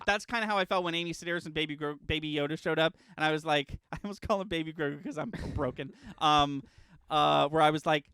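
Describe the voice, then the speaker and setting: A man's voice: fairly high pitch, quick pace, sharp tone, clear, resonant tone, no room sound. A young man co-hosting a casual podcast chat, rambling and hesitant with many fillers and laughs. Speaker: podcast co-host.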